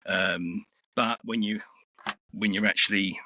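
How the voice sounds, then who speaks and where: A man in his sixties with a deep voice, a voice-over actor chatting casually in an interview, relaxed and rambling with many fillers. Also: takes it slowly, dry recording. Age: 60s. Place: small home recording booth. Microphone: headset.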